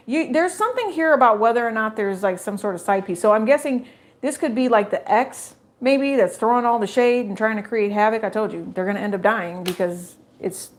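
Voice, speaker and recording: A woman reads tarot straight to her viewers in a chatty, emphatic voice. She circles back over her own phrases and drops rhetorical questions as she goes. Her pitch sits in an ordinary middle range. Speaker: tarot reader. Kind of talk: solo tarot reading to camera.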